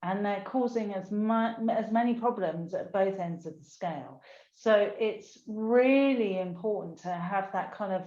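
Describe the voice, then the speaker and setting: An older woman talking in a heartfelt, emotional, unhurried way during a casual conversation. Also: mid-range voice, warm tone. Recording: echoey room, dull lo-fi sound.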